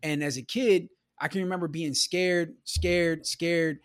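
A man from the American Midwest tells stories from his childhood in an easy, rambling manner, filling his talk with "you know", "man" and "bro". His voice sits a bit higher than most men's, and the sound is close and dry, with no room echo. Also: steady tone, a little slow. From Milwaukee, US Midwest. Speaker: podcast guest. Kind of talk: casual storytelling conversation.

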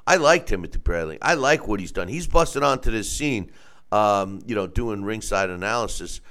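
A man's voice: fairly low pitch, animated, moderate pace, fairly bright tone, smooth. A man hosting a casual boxing commentary show, giving blunt, opinionated takes.

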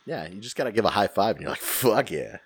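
A man's voice: fairly low pitch, animated, racing, slight background noise. A man in a casual chat, laid-back and joking crudely.

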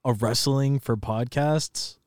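A man's voice: mid-range voice, takes it slowly, darkish tone, dry recording, clean studio sound. A man co-hosting a casual podcast, teasing his friends and swearing freely. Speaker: podcast co-host.

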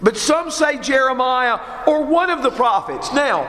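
A man preaching in a very slow, deliberate way, his pitch rising and falling a lot as he leans on rhetorical questions. His voice sits very high for a man. The sound rings through a large, echoey hall with a long reverb tail. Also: animated, pushed and bright, a little hiss or hum. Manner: measured, emphatic teaching with repeated rhetorical questions. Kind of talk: sermon.

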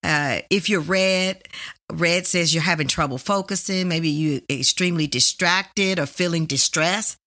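A woman hosts a faith-based couples podcast and walks listeners through a simple tool step by step. Her voice is bright and clear. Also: lowish voice, unhurried. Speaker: podcast host.

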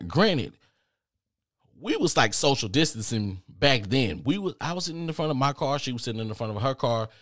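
A man's voice: mid-range voice, no room sound. This is a male podcast host recounting a comedic story from his own life. His voice leaps up and down as he gets worked up, and he is profane and incredulous throughout. The sound is close and dry, with no room around it. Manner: animated, profane, exasperated.

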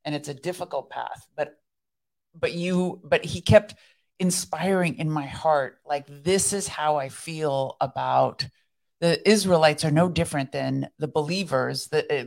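Low-voiced woman sharing faith reflections. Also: unhurried, vocal fry, darkish tone. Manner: earnest, reflective storytelling. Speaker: podcast co-host. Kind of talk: casual faith conversation.

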